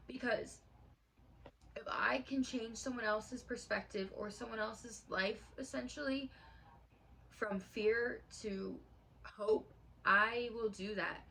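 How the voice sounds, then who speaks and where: A woman's voice: on the high side, fairly even intonation, slow, creaky, pushed and bright, a little hiss or hum, rough recording. Earnest woman in her late twenties. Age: late 20s. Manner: earnest and heartfelt, casual with many fillers. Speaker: vlogger. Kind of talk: personal storytime vlog.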